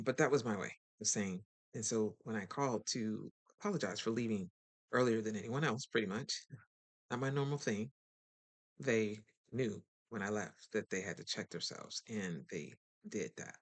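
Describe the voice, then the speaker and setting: Self-help host, casual motivational talk, middling pitch, chatty, direct, animated. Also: normal speed. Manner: animated, acts out other people in quotes; chatty and direct, addresses listeners.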